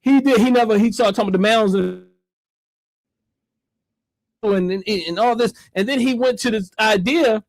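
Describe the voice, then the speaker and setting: A man with a notably high voice hosts a casual call-in talk show. He tells stories with energy, laughing as he goes and acting out other people's words. His voice sits close and dry, with no room sound. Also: moderate pace, long pauses, dry recording. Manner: animated storyteller, laughs often, acts out quotes. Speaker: host.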